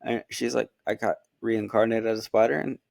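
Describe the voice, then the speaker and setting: Animated storytelling man, dry close mic. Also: lowish voice, brisk, gravelly, no room sound. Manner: animated storytelling, acts out quotes. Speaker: podcast co-host. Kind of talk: casual chat.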